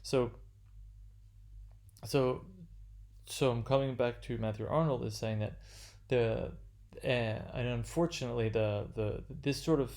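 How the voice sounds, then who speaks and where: A man's voice: medium pitch, a little mellow. Guy lecturing on poetry, keeps restarting, lots of ums and uhs, medium voice. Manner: halting, many fillers and restarts. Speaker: literature lecturer. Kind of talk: unscripted lecture.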